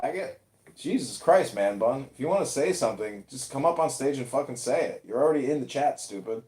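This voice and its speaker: Man, live-stream host, ranting, insulting, repetitive, swooping pitch, echoey room. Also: animated, a little fast, a little mellow. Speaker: podcast host and political candidate.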